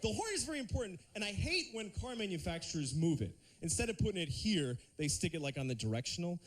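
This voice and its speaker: A man doing a stand-up routine on a TV studio stage, lively and slipping into silly put-on voices. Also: sits high, quick pace. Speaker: stand-up comedian.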